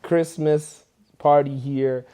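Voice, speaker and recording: A man's voice: a little high, slow, clean tone. A man who teaches street dance and is from Canada, telling a story in a casual interview and acting out what people said in a raised voice. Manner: animated, acts out quoted people in a raised voice.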